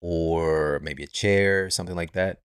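A man hosting a podcast interview, asking curious questions in a relaxed, affirming way. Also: low voice, a little slow, clear, resonant tone, no room sound, studio quality. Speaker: podcast host.

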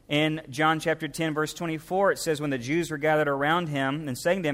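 A man preaching a sermon, emphatic, reading scripture aloud and stressing key words, shifting between quick and slow delivery. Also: on the high side, fairly bright tone. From United States. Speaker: pastor.

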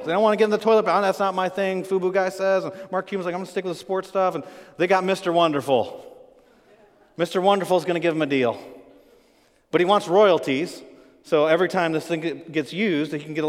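A man preaching a sermon, telling a story with animated acted-out quotes and swinging between loud emphasis and quiet asides. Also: sits high, long reverb tail. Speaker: pastor.

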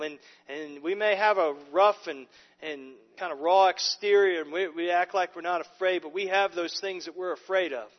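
Male pastor, fairly high voice, emphatic sermon delivery with restarts; muffled sound, long reverb. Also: normal speed. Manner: emphatic preaching with frequent repeated words and restarts.

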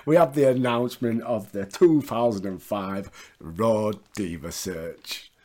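A man's voice: on the low side, measured pace, a little mellow. A man co-hosting a podcast, recapping wrestling in casual chat with lots of laughter and quoted lines. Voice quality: laughs often, quotes lines in put-on voices. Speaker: podcast co-host.

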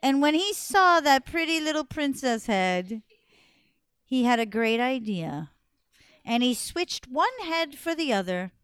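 A woman telling a folk tale to an audience in an expressive, playful way, with dramatic pauses. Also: sits high, clean tone, no echo, studio quality. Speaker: storyteller. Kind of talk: animated storytelling to an audience.

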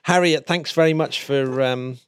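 A man's voice: on the high side, a little slow, clear, resonant tone. A man hosting a casual podcast, chatty, laughing easily and often restarting his sentences. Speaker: podcast host.

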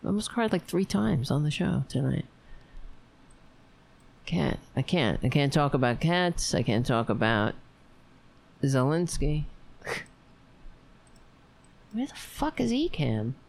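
An overtired woman hosting a livestream, rambling warmly to her viewers and signing off. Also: sits low, sing-song, takes it slowly, creaky, pauses often. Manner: rambling, emotional, talks to viewers. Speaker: livestream host. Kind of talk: casual late-night livestream sign-off.

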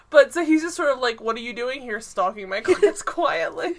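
There's a little hiss or hum behind this woman's expressive, high-pitched voice, which moves at a moderate pace with hardly any pauses. Co-hosting a casual podcast, she goes over a TV episode in a meandering way, full of "like" and laughs as she acts scenes out.

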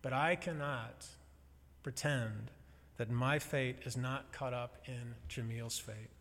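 A man's voice: medium pitch, fairly even intonation, slow, fairly bright tone. Man preaching in an echoing hall. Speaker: pastor. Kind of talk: sermon. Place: church sanctuary. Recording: long reverb of a large hall.

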